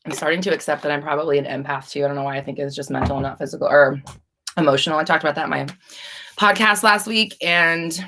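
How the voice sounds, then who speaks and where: A woman's voice: low-pitched, fast talker, sharp tone. Chatty, swearing woman hosting a livestream. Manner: rambling, profane, chatty with restarts. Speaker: livestream host. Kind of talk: casual live Q&A chat.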